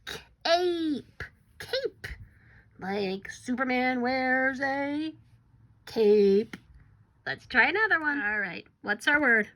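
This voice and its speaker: Teaching phonics to young children in a recording, a woman speaks slowly and encouragingly, sometimes lowering to a suspenseful whisper. Her high-pitched voice is animated, pushed and bright.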